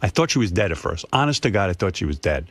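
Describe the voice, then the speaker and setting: A middle-aged man in casual radio chat, telling an animated family story. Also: low voice, fast talker, no room sound. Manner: animated storyteller, acts out his parents' voices.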